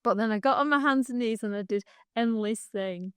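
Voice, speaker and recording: A woman's voice: a little high, brisk, a bit bright, clear, resonant tone, no room sound. A middle-aged woman, co-hosting a podcast and telling a long, heartfelt story in casual chat, rambling and laughing along the way. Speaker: podcast co-host.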